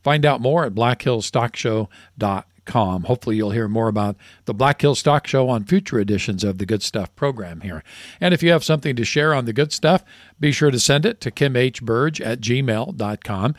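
A man's voice: mid-range voice, lively intonation, normal speed, no echo, clean studio sound. A man co-hosting a radio show, telling jokes in a folksy storytelling way. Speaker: radio co-host.

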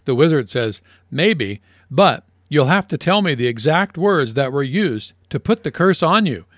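A man's voice: fairly high pitch, expressive, measured pace, no room sound, studio quality. A man co-hosting a radio show, telling jokes playfully. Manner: playful joke-telling, laughs at own jokes.

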